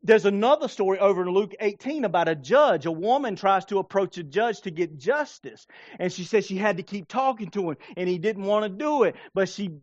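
A male pastor delivers a lively sermon in a fairly high voice, slipping into playful voices to act out little scenes. The sound is dry and close, with a slightly dull, muffled tone. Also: no room sound. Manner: animated, acts out scenes with playful voices and laughter.

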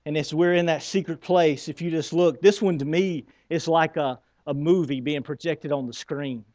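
A man preaching a sermon in a conversational, emphatic way, who stutters and repeats words when he gets excited. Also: on the high side, moderate pace, no echo. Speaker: pastor.

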